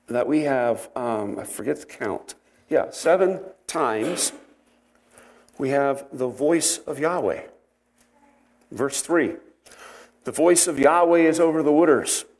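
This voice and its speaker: Male Bible teacher, mid-pitched voice, reads scripture and then explains it conversationally, unhurried. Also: a little mellow. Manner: unhurried, with fillers and self-corrections.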